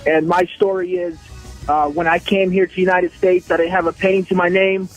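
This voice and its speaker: A man's voice: sits high, animated, fairly quick, vocal fry, highs cut off, soft background music. A man from Russia, a native Russian speaker, chatting casually as a caller on a radio show. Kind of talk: phone call into radio show.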